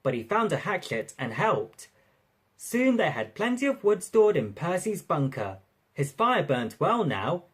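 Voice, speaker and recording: A narrator reading a railway storybook aloud in an expressive, lively way. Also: mid-range voice, measured pace, breathy edge.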